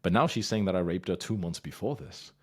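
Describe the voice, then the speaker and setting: A man's voice: deep voice, brisk. A man hosting a show, giving blunt advice in a casual, rambling monologue full of swearing. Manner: blunt, heavy swearing, emphatic; rambling with fillers and restarts.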